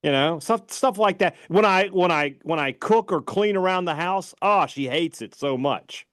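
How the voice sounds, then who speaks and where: A man with a Southern US accent co-hosting a casual sports chat podcast, laid-back, agreeable and quick to laugh. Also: high-pitched, fairly bright tone, no echo, clean studio sound. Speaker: podcast co-host. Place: radio studio.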